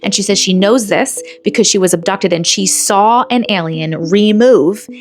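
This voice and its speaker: A woman's voice: mid-range voice, normal speed, soft background music. A woman hosting a commentary video, chatting directly to her viewers as she sets up a clip. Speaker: host. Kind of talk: casual commentary to camera.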